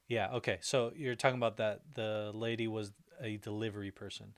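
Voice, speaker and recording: A man's voice: on the low side, flat delivery, fairly quick, few pauses. A man hosting a casual livestream, chatting in a rambling, upbeat way and talking back to his viewers. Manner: chatty and rambling, with frequent restarts and "like"; upbeat and friendly toward viewers. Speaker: livestream host. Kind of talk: casual livestream chat reacting to viewer comments.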